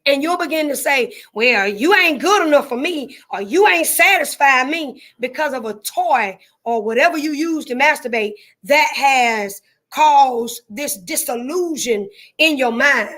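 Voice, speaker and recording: A woman's voice: sits high, expressive, unhurried, hardly any pauses, a bit bright. A woman with a Southern drawl hosting a casual live stream, chatting folksily with viewers, repeating herself and greeting them by name.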